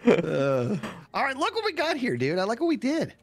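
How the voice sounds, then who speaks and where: A man chatting excitedly as a guest co-player on a stream, telling stories with lots of "dude". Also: very high-pitched, normal speed, no echo, faint music behind. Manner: animated storyteller, bouncy, says dude a lot. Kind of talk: casual gaming chat.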